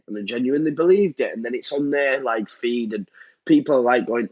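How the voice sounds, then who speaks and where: A man's voice: mid-range voice, sing-song, normal speed, husky, no echo, dull audio. Stuffy-nosed man rambling. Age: 30s. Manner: rambling, frequent ums and repeats. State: blocked nose, downbeat. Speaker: host of a live fan stream. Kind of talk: casual live-stream chat reading comments. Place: home room.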